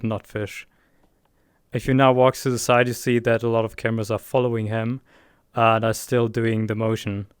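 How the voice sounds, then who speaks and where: Smooth-voiced man hosting a live stream. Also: mid-range voice, no room sound, studio quality. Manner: excited, rambling with fillers. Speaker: event producer. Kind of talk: casual live-stream talk. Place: virtual reality event, voice chat.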